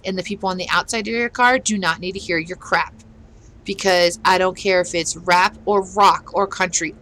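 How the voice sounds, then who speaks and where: A woman's voice: fairly low pitch, sharp tone, slight background noise, low-quality recording. A middle-aged woman, a gaming vlogger, ranting bluntly and with exasperation in a casual chat while she plays. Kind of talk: casual rant while playing.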